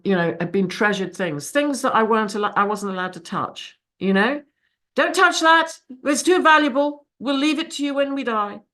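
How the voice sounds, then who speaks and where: Here a middle-aged woman with a medium-pitched, fairly bright voice speaks at a recovery fellowship meeting via video call. Her share is frank and emotional, and she swears freely.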